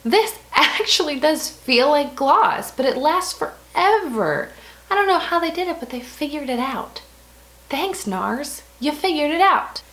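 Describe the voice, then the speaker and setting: A woman's voice: high voice, very animated, a little slow, fairly bright tone. A young American woman chatting casually through a makeup review, often correcting herself mid-sentence and laughing at her own slips. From United States. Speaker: beauty vlogger.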